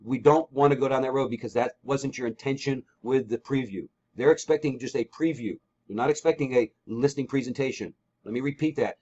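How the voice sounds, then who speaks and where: Fast-talking emphatic male sales trainer. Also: medium pitch, darkish tone. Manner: emphatic, repetitive, coaching with sample scripts. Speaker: real estate trainer. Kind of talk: training call instruction. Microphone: call recording. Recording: dull lo-fi call audio.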